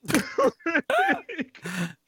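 Very high-pitched and drawing out his words, a male podcast co-host recounts a story in easygoing chat. He's foul-mouthed and lively, impersonating the people in his tale, and the dry recording has a dull lo-fi character.

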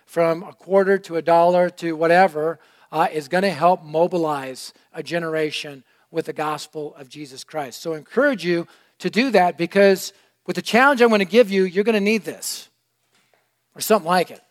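A middle-aged male preacher telling a story in a sermon, energetic and animated, swinging from loud to hushed. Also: on the high side, normal speed. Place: church room.

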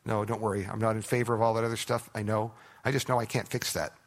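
Pastor, man, gravelly, earnest conversational preaching with quiet prayerful moments. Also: lowish voice, little pitch movement, quick pace. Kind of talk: sermon.

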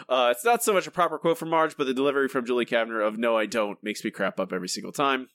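A man's voice: rapid-fire, hardly any pauses, fairly bright tone, no echo, clean studio sound. A man co-hosting a podcast in casual chat, reading listener answers aloud and stumbling over names and restarts. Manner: reads listener answers aloud, jumps into higher voices for the quotes. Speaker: podcast co-host.

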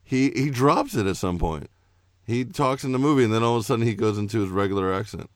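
A man's voice: mid-range voice, lively intonation, fast talker, dry recording, studio quality. A man hosting a casual movie podcast, teasing his co-host and joking, saying he is loaded. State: says he is intoxicated.

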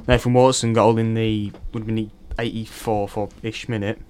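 A young man hosting a student radio show, telling stories in an excitable, rambling way. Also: lowish voice, normal speed, smooth. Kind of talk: casual chat.

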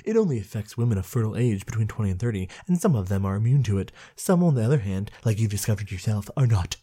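A woman's voice: extremely low pitch, animated, fast talker, mellow, slightly rough. A woman co-hosting a comedy podcast, reading a raunchy book aloud in a playful, dramatic way. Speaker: podcast co-host.

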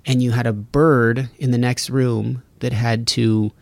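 Man, podcast host, casual rambling solo talk, gravelly voice, dry close studio sound. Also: medium pitch, little pitch movement, measured pace, darkish tone, no echo. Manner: casual, rambling, self-interrupting.

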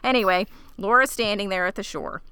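Woman, crisp and bright, podcast co-host, blunt joking recap, dry close sound. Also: mid-range voice, brisk, no room sound. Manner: storytelling recap with blunt jokes. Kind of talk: casual chat.

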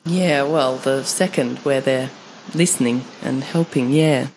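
A woman with a very low voice hosts the interview. She listens closely, murmurs frequent affirmations, and asks considered questions. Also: a little slow, a little hiss or hum. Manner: attentive, frequent soft affirmations. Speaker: interview host. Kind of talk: podcast interview.

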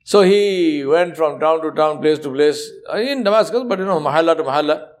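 A man's voice: fairly high pitch, animated, a little fast. A male preacher telling a story in a sermon, speaking conversationally and putting questions to his listeners. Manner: conversational, asks the audience questions.

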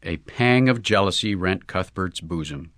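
A man reading a short story aloud in measured, wry storytelling. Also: low voice, animated, fairly bright tone, no echo, clean studio sound. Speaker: audiobook reader. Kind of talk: scripted narration.

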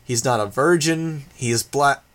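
A man's voice: mid-range voice, moderate pace, natural voice. A man reading an audiobook, voicing a crude, snide teenage boy.

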